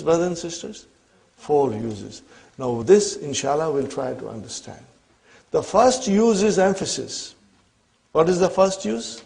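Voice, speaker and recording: A man's voice: fairly high pitch, creaky, darkish tone. A man teaching an Arabic grammar lesson. He explains step by step, repeats his questions and often checks "are you with me?".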